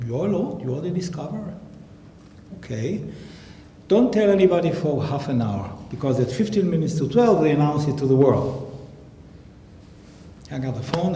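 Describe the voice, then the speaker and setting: A man on a public panel telling a story in an animated way, acting out phone calls in different voices. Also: a little high. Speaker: panel guest, scientist. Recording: echoey hall, faint noise.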